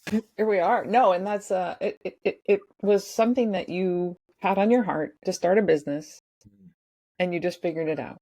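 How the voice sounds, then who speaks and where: A woman's voice: on the low side, normal speed, dark tone. A woman hosting an interview, echoing and affirming what her guest says. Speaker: podcast host. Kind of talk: casual interview.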